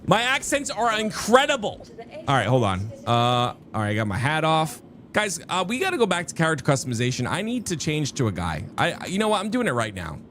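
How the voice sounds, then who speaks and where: During a live game stream, a man rambles casually with his viewers and keeps interrupting himself. His medium-pitched voice swoops wildly in pitch at a quick pace, with a fairly bright tone, slight background noise and faint music.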